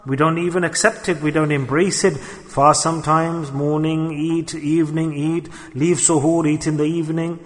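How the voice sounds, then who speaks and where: A man's voice: fairly high pitch, flat delivery, normal speed, few pauses. A man preaching a sermon, telling a story and restating phrases for emphasis. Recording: long hall reverb.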